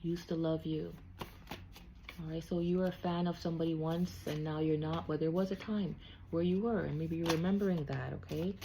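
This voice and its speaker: A woman's voice: low-pitched, steady tone, fairly quick, dark tone, slight background noise. A woman giving a casual spiritual card reading, chatty and checking in with "okay?" after nearly every thought. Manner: chatty, repeats "okay?" often. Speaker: psychic card reader.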